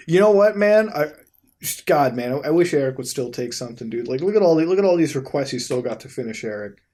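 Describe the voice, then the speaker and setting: A man hosting a casual commentary while browsing websites, rambling and swearing freely, often breaking into high-pitched laughter. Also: warm tone. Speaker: host.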